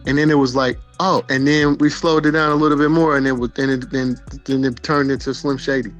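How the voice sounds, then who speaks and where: A man's voice: mid-range voice, little pitch movement, brisk, lo-fi sound, soft background music. A man, a rapper, talking emphatically in an interview, repeating himself and swearing.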